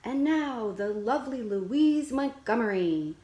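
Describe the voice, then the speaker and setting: A woman's voice: expressive, measured pace, darkish tone, echoey room, low-quality recording. A woman voicing a brash, showy mother who introduces her daughter's performance like a circus ringmaster or a car salesman. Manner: booming ringmaster showman voice.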